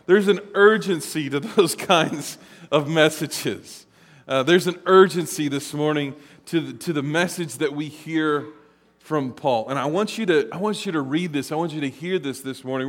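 A man preaching a sermon, telling stories in an animated way and acting out the voices. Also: fairly high pitch. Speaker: pastor. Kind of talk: sermon with storytelling. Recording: long hall reverb.

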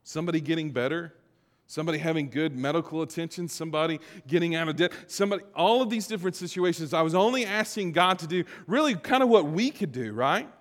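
A man preaching a conversational sermon, moving between quiet reflective passages and louder emphatic stretches. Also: on the high side, fast talker. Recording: long hall reverb.

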